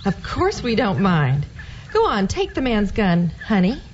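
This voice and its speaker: Brief: teasing, sweet-talking wife, bright and lilting. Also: female voice, medium pitch, wildly swooping pitch, a little slow, a little hiss or hum. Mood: coy. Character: coy, teasing young wife. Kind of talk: audio drama acting. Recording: slightly dull audio drama recording.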